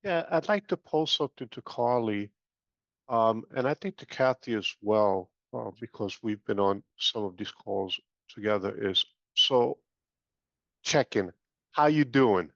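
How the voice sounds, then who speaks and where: A man's voice: fairly low pitch, lively intonation, a little slow, no echo. Man asking a question on a video call, informal and hesitant, lo-fi dry sound.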